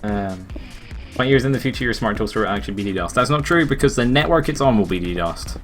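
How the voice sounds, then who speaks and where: Low-voiced guy streaming games, cracks jokes and laughs a lot, bit of music underneath. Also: animated, quick pace, fairly bright tone. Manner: joking, laughs often. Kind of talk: casual gaming stream banter.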